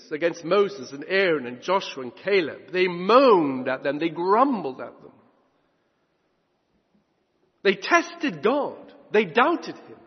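A man delivering a sermon in a fairly high, husky voice, his pitch climbing and dropping widely as he drives home each point. He swings from loud declarations to hushed asides. The recording is dull and carries the long reverb of a church hall. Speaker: preacher.

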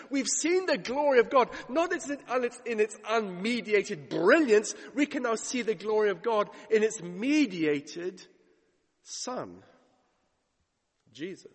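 A man's voice: high voice, lively intonation, slow pace. A man preaching a sermon, retelling scripture dramatically and acting out the voices he quotes. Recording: long hall reverb.

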